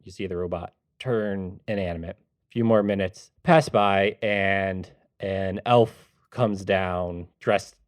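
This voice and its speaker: Low-voiced game master narrating. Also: male voice, fairly even intonation, no room sound. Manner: descriptive, measured.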